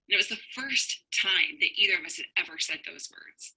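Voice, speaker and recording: Woman in her thirties, coach type, husky and bright-edged, earnest direct storytelling to an online audience. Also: fairly low pitch, normal speed, low-quality recording. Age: 30s. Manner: earnest personal storytelling, addresses viewers directly. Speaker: marriage coach. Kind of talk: livestream coaching talk.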